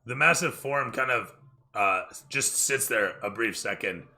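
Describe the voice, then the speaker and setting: Bright-voiced hurried male game master. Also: mid-range voice, lively intonation. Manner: hurried, self-correcting, casual swearing. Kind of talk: narrating a tabletop game.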